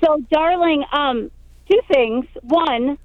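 A woman with a bright, high voice comes through a dull, muffled phone line. She's a middle-aged comedian calling in from a festival field outdoors, teasing her host in playful, theatrical chat. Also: slow, no echo. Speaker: comedian and regular correspondent.

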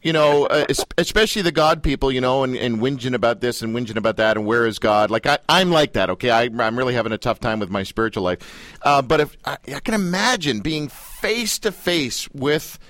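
A male host with a bouncy, lively voice that swings up and down as he jokes and trips over his questions. The sound is close and dry, with no room around it. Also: medium pitch, brisk, no room sound. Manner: jokey, animated, stumbling restarts. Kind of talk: casual radio interview.

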